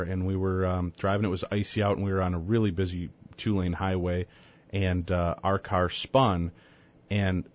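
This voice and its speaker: A man in his forties hosting a radio talk show, chatting and telling a story in a lively, conversational way. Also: sits low. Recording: dull lo-fi radio sound.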